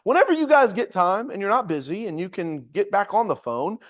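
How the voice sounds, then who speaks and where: A man's voice: high-pitched, lively intonation, a little fast. A man doing a rambling, overly polite insurance caller. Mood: mock-polite. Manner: hesitant, rambling, mock-casual.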